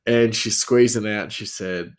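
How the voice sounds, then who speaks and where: A man telling a personal story in a casual, rambling way, with many fillers and restarts. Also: mid-range voice.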